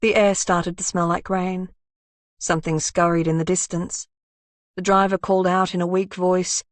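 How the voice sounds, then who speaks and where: A woman narrating a crime thriller audiobook in a steady, even reading style. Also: on the low side, normal speed, no echo.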